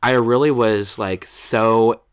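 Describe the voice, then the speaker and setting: A man's voice: fairly low pitch, fairly even intonation, slow, clean tone, no echo, clean studio sound. A young man, a drag performer, telling stories in a casual interview with lots of fillers and acted-out quotes. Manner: chatty storytelling, acts out quotes, many fillers.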